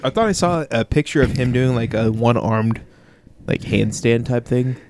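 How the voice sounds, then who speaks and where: A man's voice: mid-range voice, lively intonation, normal speed, darkish tone, a little hiss or hum. A man co-hosting a podcast in casual banter, adding dry, wry remarks. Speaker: podcast co-host.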